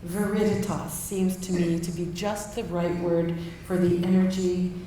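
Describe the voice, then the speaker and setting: A woman giving a formal introduction of a guest speaker, slow and measured. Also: lowish voice, level tone, mellow, a little hiss or hum. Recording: echoey hall, mic far off.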